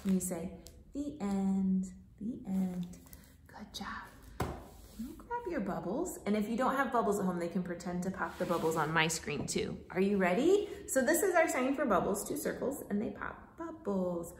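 A woman librarian reading a picture book aloud at storytime, very expressive, dropping to whispers and breaking into little songs, in a carpeted classroom. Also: medium pitch, background noise. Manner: slow, expressive, drops to whispers, sings. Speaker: children's librarian. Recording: roomy echo.

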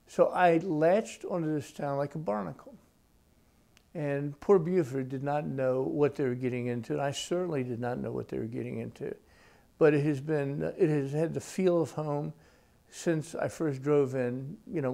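A man in his sixties, an author being interviewed at his home, telling stories in a slow, reflective way. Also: fairly high pitch, creaky, mellow. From United States. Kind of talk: relaxed storytelling in interview.

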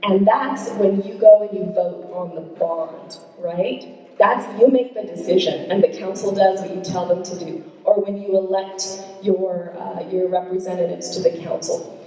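Council lady talking to a room of locals, mellow voice, picked up from across an echoey hall. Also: mid-range voice, steady tone, moderate pace. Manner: conversational, asks the audience questions. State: a little out of breath. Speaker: city council member. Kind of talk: public speech to constituents. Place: meeting room, audience present. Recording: echoey hall recorded from far off.

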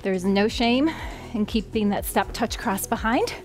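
A woman's voice: mid-range voice, unhurried. Breathless upbeat woman fitness instructor. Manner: upbeat coaching cues. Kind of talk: guiding a workout. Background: background music.

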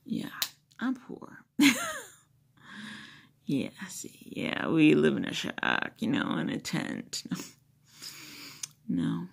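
A woman's voice: low voice, wildly swooping pitch, very slow, vocal fry, pauses often. A woman vlogger chatting loosely to her phone camera, rambling with many fillers and asides. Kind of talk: casual chat to a phone camera.

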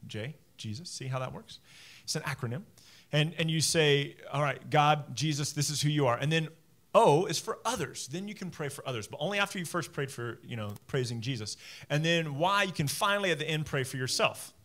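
A pastor in his forties delivers a sermon, talking to the congregation in a loose, animated way. His voice sits a little higher than most men's. He often breaks off for quick asides. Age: 40s. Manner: conversational, animated preaching with asides.

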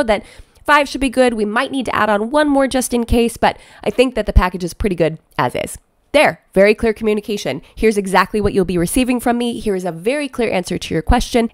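A woman's voice: fairly high pitch, dry recording, clean studio sound. A woman in her thirties hosting a podcast, telling stories from her work as a wedding planner in a direct, emphatic way and laughing often. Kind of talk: casual podcast storytelling.

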